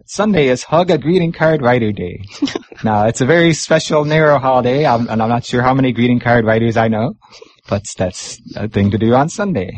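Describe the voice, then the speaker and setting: A man hosting a community radio show in a studio, chatting casually and pausing often with fillers. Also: medium pitch. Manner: relaxed, chatty, pauses with many fillers.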